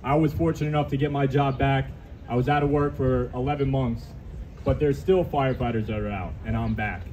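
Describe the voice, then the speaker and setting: A man's voice: medium pitch, fairly even intonation, fairly quick, darkish tone, slight background noise. A man speaking to a crowd at an outdoor rally, emotional and earnest, restarting his sentences.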